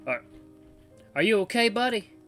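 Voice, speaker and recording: A man voicing a kindly old grandfather with a put-on Southern accent and a soft, reassuring drawl. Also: high-pitched, animated, moderate pace, soft background music, pitched above the performer's own voice. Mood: caring. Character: kindly old grandfather bartender, gentle and caring.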